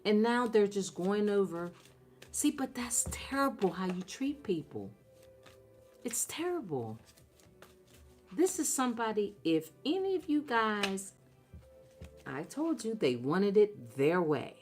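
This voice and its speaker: A woman with a medium-pitched voice gives a blunt, profane tarot reading over soft background music, her pitch swooping wildly. She talks a little slowly and a little mellowly, addressing her viewers directly with heavy emphasis.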